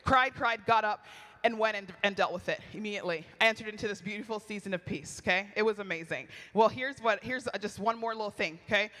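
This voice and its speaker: A woman gives a conversational sermon at a women's retreat, chatty and expressive as she tells personal stories. Her tone is bright and forceful. The voice rings with long reverb from a large hall. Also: mid-range voice, quick pace. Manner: animated, chatty, laughs often, acts out quoted lines. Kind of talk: storytelling sermon.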